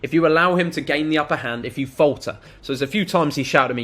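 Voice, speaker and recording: A man's voice: fairly high pitch, fast, a bit bright. A young man giving blunt, casual advice straight to camera, swearing freely as he tells a story. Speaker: self-improvement vlogger. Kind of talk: direct-to-camera advice monologue.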